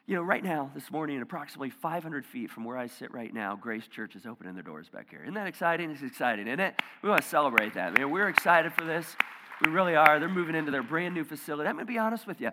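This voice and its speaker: A male pastor giving a conversational sermon, dropping to hushed near-whispers and rising to loud emphatic bursts. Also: on the high side, animated, fast, big-room sound, very noisy. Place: church auditorium.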